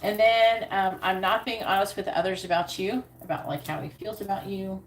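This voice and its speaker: A woman's voice: mid-range voice, steady tone, normal speed. A woman doing a live-streamed psychic reading, repeating her questions again and again and breaking off for casual asides. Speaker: psychic reader. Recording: echoey room with background noise.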